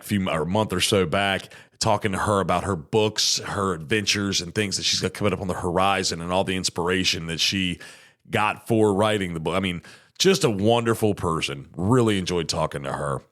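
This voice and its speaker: A man's voice: low voice, normal speed. A man, hosting a podcast in casual, chatty talk full of fillers. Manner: chatty and animated, many fillers. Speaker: podcast host.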